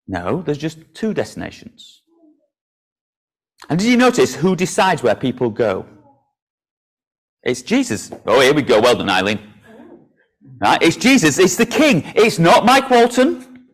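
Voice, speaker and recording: A man preaching a sermon in a church, earnest and solemn on the hard points, then coaxing and playful when he calls children up to help. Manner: earnest, drops low and soft for solemn points. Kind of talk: sermon with a children's object lesson.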